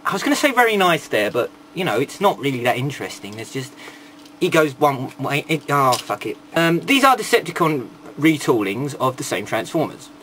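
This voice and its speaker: A man's voice: medium pitch, sing-song, moderate pace, fairly bright tone, a little hiss or hum. A man giving a casual toy review, rambling, with irreverent and sarcastic asides.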